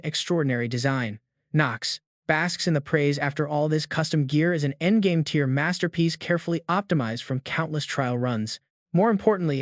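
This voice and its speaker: A man narrating a fantasy comic recap in an even, steady scripted reading. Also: fairly high pitch, no echo, clean studio sound.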